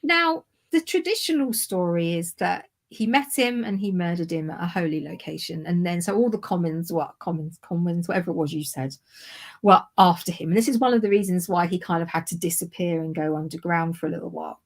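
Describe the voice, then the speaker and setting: A woman's voice: on the low side, brisk. A woman co-hosting a history livestream, telling the story in a loose, rambling way, correcting herself and laughing at her own slips. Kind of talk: casual chat.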